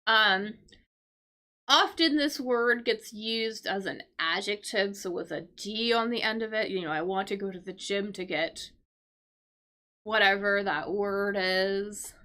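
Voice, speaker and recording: A woman's voice: medium pitch, a little slow, bright, forceful tone. A woman teaching English vocabulary through a crossword, explaining patiently with fillers and check-in questions. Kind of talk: casual livestream lesson solving a crossword.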